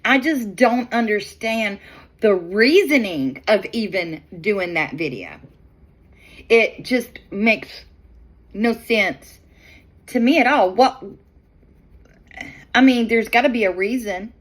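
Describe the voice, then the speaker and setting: A middle-aged woman hosting her own channel, chatting in a drawn-out, exasperated way as she comments on video clips. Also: mid-range voice, animated.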